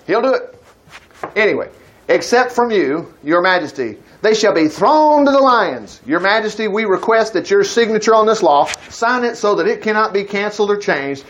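A man preaching a sermon in a high, lifted voice. He talks in a folksy, animated way and breaks scripture into plain everyday speech. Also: normal speed, slight background noise, rough recording.

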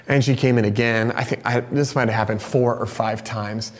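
A man in his thirties, a pastor preaching a sermon through a personal story, candid and animated, sometimes turning soft and confessional. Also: mid-range voice, moderate pace, few pauses. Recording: long reverb of a large hall.

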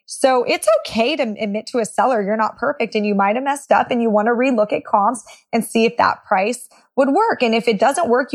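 A woman who invests in real estate, teaching how to talk price with sellers and acting out sample phrases in a conversational way. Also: on the high side. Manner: conversational, non-confrontational, acts out sample phrases. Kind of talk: instructional talk with role-played lines.

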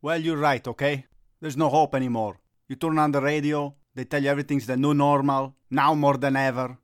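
A man's voice: on the high side, steady tone, fairly quick, smooth, no room sound, studio quality. A middle-aged man playing a youth soccer coach in a comedy sketch, given to gloomy melodramatic rants that flare into agitated Italian curses.

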